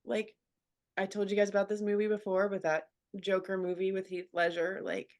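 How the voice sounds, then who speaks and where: A woman's voice: fairly low pitch, creaky. A woman speaking earnestly in a candid personal interview, talking as a radio show guest and leaning on fillers like "like.". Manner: earnest, filler-heavy, frequent "like".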